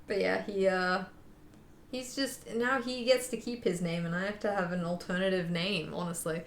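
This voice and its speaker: A woman's voice: fairly low pitch, moderate pace. A young woman chatting casually to her viewers, rambling with lots of fillers and repeats. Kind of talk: casual chat. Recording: echoey room.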